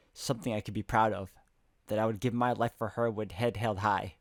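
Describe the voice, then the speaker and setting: A man reading game dialogue aloud in a soft, emotional, hesitant way. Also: lowish voice. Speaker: game walkthrough narrator.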